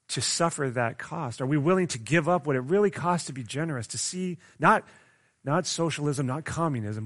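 A man's voice: mid-range voice, fairly bright tone. Conversational young male preacher. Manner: conversational, often asks the audience questions; restarts and stumbles often, says "like" a lot. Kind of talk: sermon.

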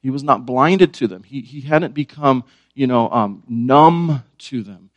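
A man's voice: mid-range voice, animated, measured pace, dry recording, muffled recording. A man preaching a sermon, asking his listeners questions and repeating key words. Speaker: pastor.

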